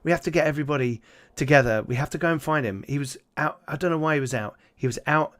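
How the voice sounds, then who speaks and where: A man's voice: fairly high pitch, normal speed, pitched above the performer's own voice, lightly acted. A man doing a frantic father. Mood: panicked. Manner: panicked, breathless pleading. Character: frantic middle-aged father searching for missing son.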